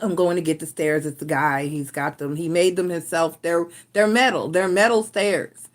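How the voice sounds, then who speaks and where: A woman's voice: on the low side, normal speed. A woman hosting a casual live stream, rambling in a frustrated way with restarts and sighs. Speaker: tarot reader and live stream host.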